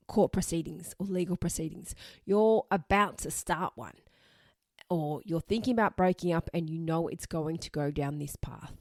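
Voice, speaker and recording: A woman's voice: lowish voice, a little mellow, no room sound, studio quality. A woman hosting a podcast, giving blunt, emphatic advice and repeating her points for emphasis. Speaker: podcast host.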